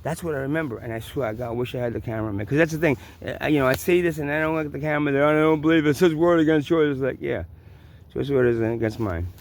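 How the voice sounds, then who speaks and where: A man's voice: mid-range voice, rapid-fire. A man with a New York accent tells a personal story in a rambling, profane way, full of restarts and repeats. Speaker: vlogger. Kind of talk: casual storytelling.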